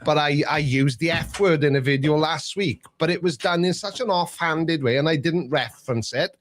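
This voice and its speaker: Chatty Welsh man, fairly high voice. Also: normal speed. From Wales. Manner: chatty, self-deprecating storyteller. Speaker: call-in show host. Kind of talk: casual chat.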